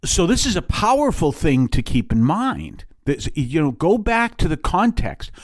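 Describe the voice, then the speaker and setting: A man's voice: on the high side, huge pitch swings, a little slow, no echo. A middle-aged man, a priest hosting his show, talking in a casual, rambling way with frequent fillers and side remarks. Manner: rambling and digressive, with many fillers and asides. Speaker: priest and podcast host. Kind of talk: casual homily-style monologue.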